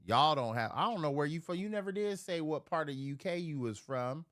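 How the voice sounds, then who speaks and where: Profane, animated man ranting on a livestream. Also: fairly quick, no echo, studio quality. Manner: profane, rambling, animated rants; swings between loud outbursts and low mutters. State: drinking while streaming. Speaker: live streamer. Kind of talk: casual livestream chat. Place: at home near a refrigerator.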